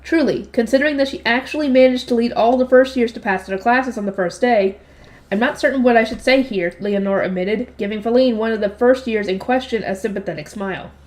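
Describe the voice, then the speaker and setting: A woman's voice: fairly high pitch, brisk, darkish tone. Woman reading a light novel aloud. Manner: reads character voices lightly, drops into offhand slangy commentary.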